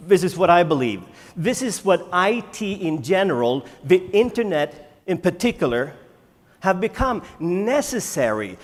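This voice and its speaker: A man, a native Swedish speaker, giving a conference keynote and firing rhetorical questions at the audience with dramatic pauses. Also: fairly high pitch. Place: large conference hall. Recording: echoey conference hall.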